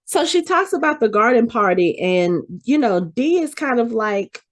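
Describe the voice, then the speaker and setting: A woman's voice: fairly high pitch, unhurried. A woman hosting a podcast, recapping a TV episode in casual chat and playfully acting out the characters' lines. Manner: animated storyteller who acts out the characters' lines. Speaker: podcast host.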